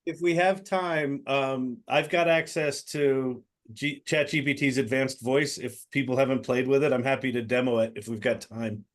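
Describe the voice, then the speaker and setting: A man on a group video call explains things in a halting, casual way. He stops and restarts often, filling gaps with fillers. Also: medium pitch, steady tone. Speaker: meeting participant demoing a tool.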